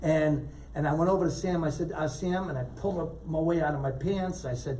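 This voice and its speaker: A man telling animated stories as a guest in a casual talk show chat, acting out the people he quotes. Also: a little high, fast, recorded from a distance, low-quality recording. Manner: animated storyteller, acts out quotes loudly. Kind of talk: storytelling chat.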